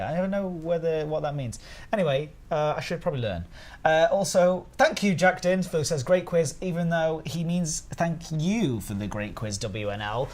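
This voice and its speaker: A man hosting a live stream in casual chat, animated and self-deprecating, with loud bursts of exclamation. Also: medium pitch. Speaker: stream host.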